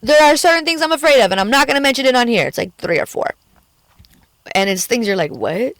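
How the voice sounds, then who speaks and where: A woman's voice: on the high side, lively intonation, fast, fairly bright tone, dry recording. A woman in a candid personal vlog, talking frankly and emotionally and swearing freely, recorded on a phone in a car. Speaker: vlogger. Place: in a car at the beach.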